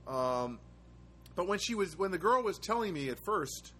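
A man's voice: high-pitched, very animated, moderate pace, bright, forceful tone, slight background noise. A man hosting his own show from a studio apartment, telling stories in a rambling casual monologue with wry asides and many hesitations.

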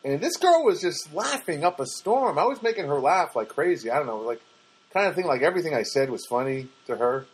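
A man hosting his own podcast, telling a rambling, self-mocking story in a relaxed, casual way. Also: a little fast, slightly rough, poor audio. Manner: rambling, self-mocking, mimics others in a high voice. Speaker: podcast host and stand-up comic. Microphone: podcast microphone.

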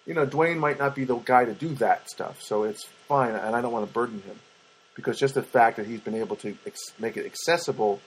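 The audio is poor, and this man's mid-range, slightly rough voice comes from a studio apartment where he hosts his own podcast. Animated and meandering, he keeps cutting himself off as he rambles through a personal story with many restarts.

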